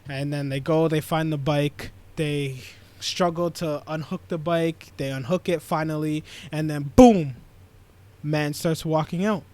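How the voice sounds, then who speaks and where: Casual young man, fairly high voice. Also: measured pace. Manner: animated storytelling, acting out character lines in slang. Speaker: podcast co-host. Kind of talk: casual chat, recapping an anime episode.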